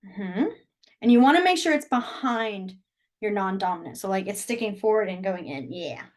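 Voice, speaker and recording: A woman's voice: medium pitch, expressive, normal speed. A woman teaching a beginner sign language class over a video call from a small room, explaining step by step in a chatty way and laughing often.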